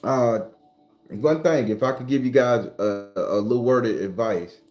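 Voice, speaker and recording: A man hosting a casual livestream, talking loosely, cursing freely and answering viewer comments, sometimes breaking into loud, high ranting. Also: moderate pace, faint music behind. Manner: swings into loud, high-pitched ranting at times. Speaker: livestream host.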